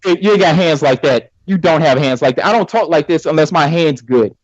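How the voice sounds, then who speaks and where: High-voiced man taunting in a heated debate. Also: animated, a little fast, no room sound, lo-fi sound. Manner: combative, taunting, repeats himself.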